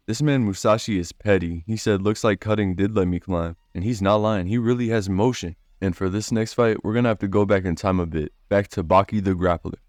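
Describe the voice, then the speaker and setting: A man's voice: sits low, a little mellow, no room sound, clean studio sound. A man recapping an anime fight in a casual, profane, joking way, as the host of his own channel. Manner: crude, joking, profane storytelling. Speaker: anime commentary YouTuber.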